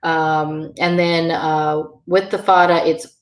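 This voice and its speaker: A woman teaching a beginner online language lesson, halting, with many fillers. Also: deep voice, level tone, roomy sound.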